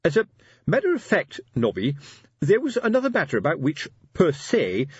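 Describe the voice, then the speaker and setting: A man's voice: fairly high pitch, huge pitch swings, moderate pace, husky, dry recording, muffled recording, pitched above the performer's own voice, full character voice. A man playing Colon, a pompous, fussy sergeant. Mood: lecturing. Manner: fussy, lecturing, hesitant. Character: pompous middle-aged male police sergeant.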